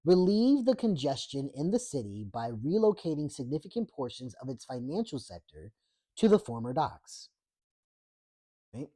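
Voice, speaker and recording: A woman's voice: sits low, warm tone. A woman hosting a book reading, breaking off often for sarcastic, profane political commentary. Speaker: host reading a book aloud.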